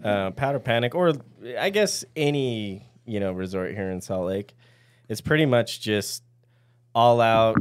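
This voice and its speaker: A man, a podcast guest, explaining something in a slow, laid-back way. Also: fairly low pitch, smooth. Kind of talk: casual chat. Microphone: studio mic.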